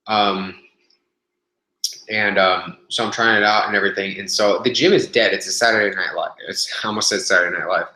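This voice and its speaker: Young man, casual webcast story, bright forceful voice, rambling with fillers, profane, echoey room. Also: lowish voice, steady tone, normal speed. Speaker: vlogger telling a gym story.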